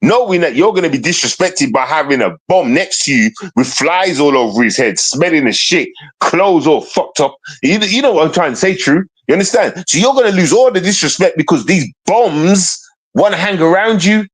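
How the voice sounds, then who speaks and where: A man's voice: fairly high pitch, expressive, moderate pace, husky. A man on a casual livestream ranting at online trolls, confrontational and profane, repeating himself often.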